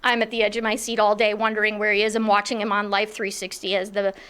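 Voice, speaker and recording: A middle-aged woman telling a personal story in a lively, self-mocking way, acting out what others were thinking. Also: medium pitch, fast, clear, resonant tone. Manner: animated, self-mocking, acts out others' thoughts.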